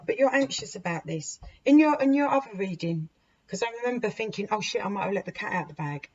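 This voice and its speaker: A woman's voice: medium pitch, expressive, quick pace, darkish tone. Woman, casual tarot reading, rambling and chatty, dull lo-fi sound, faint hiss. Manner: chatty, rambling, talks to the cards as she deals. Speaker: tarot reader.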